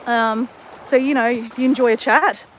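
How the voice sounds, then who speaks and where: An Australian woman on a beach livestream speaks a little slowly in a voice on the high side, her intonation fairly even. She rambles casually to viewers and corrects herself along the way, with slight background noise present.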